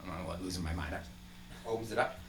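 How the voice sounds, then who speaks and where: A man's voice: sits low, moderate pace, heavy background noise. A man, a musician, rambling and laughing as he tells a story between songs at a small intimate live show.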